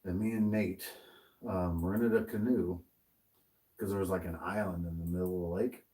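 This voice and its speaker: American guy on a podcast spinning a story, lowish voice, swears a lot, sits back from the mic. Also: moderate pace, distant mic, poor audio. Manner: animated, swears freely, laughs while telling a story. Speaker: podcast co-host. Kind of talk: casual storytelling chat.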